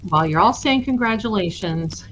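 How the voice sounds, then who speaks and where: A woman's voice: medium pitch, animated, moderate pace, fairly bright tone, slight background noise, rough recording. A woman hosting a casual livestream giveaway, chatty and affectionate with her viewers. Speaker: host of a tarot channel livestream.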